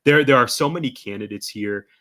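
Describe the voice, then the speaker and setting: Bright-voiced man hosting a recap chat. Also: medium pitch, brisk. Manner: upbeat, reads plot summaries and prompts guest. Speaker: podcast host.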